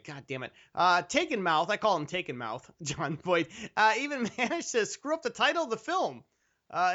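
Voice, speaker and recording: Animated movie-podcast host who rambles and ribs their own jokes, on muffled audio. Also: medium pitch, normal speed. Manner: animated, rambling and self-mocking. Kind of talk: casual film-review banter.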